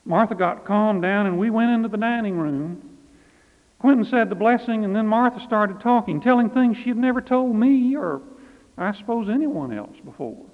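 Male pastor, animated storyteller, higher voice, thin phone-line sound in a reverberant space. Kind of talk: storytelling narration.

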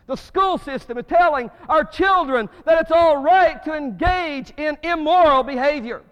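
A male pastor preaching a sermon, swinging between loud, fervent rises and hushed drops. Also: very high voice, normal speed. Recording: muffled reverberant church recording.

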